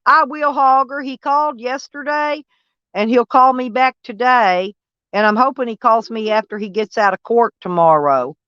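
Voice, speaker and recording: A woman's voice: fairly high pitch, normal speed, fairly bright tone, clean tone, no room sound. A woman with a Southern American accent chatting casually on a livestream, rambling and answering viewers by name. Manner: rambling, talks back to chat by name. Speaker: vlogger reading live chat. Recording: dull lo-fi dry sound.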